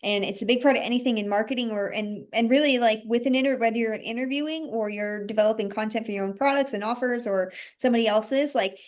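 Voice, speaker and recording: A woman's voice: a little high, fast, few pauses. Podcast host lady, chatty and agreeable, kinda rambly with lots of ums. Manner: agreeable, rambling, many fillers. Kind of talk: casual interview chat.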